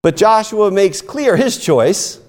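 A man preaching a sermon, telling stories and rising into emphatic, animated lines. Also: high-pitched, slow. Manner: animated storytelling with emphatic rises. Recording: long hall reverb.

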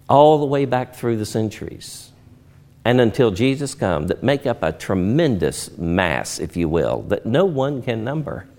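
A male pastor preaching a sermon, earnest, building to loud emphatic swells and slowing for solemn pauses. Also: medium pitch.

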